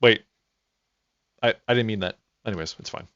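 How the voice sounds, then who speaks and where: A man streaming a game with casual, rambling commentary, excitable, with restarts and swearing. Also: on the low side, moderate pace, dry recording. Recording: dull lo-fi dry mic.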